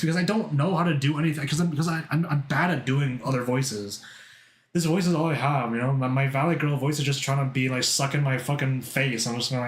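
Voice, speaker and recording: A man streaming live, chatting casually to his viewers, rambling and self-mocking with lots of swearing. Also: medium pitch. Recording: roomy echo.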